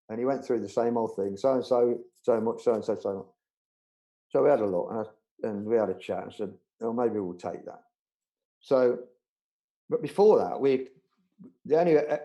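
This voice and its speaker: A middle-aged man, telling an animated anecdote in a casual live interview, acting out the voices of other people. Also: medium pitch, rough recording. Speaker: budgerigar breeder telling a story.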